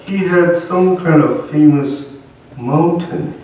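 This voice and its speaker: A man voicing a curious, playful young male frog puppet who talks in a slow, halting, sing-song way, recorded in an echoey church hall from a distance. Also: a little high, warm tone, a little hiss or hum, voice pushed up. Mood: chatty.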